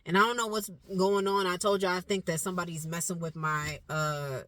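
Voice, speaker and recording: A woman's voice: lowish voice, fairly even intonation, a little fast, fairly bright tone, no echo. A woman vlogger talking straight to her viewers, emphatic and repetitive, with casual swearing. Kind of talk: casual direct-to-camera talk.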